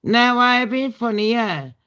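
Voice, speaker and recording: A woman's voice: on the high side, lively intonation, unhurried, fairly bright tone, clear, resonant tone. A British woman hosting a casual storytime chat, blunt and full of swearing and laughing asides. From Britain. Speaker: livestream host.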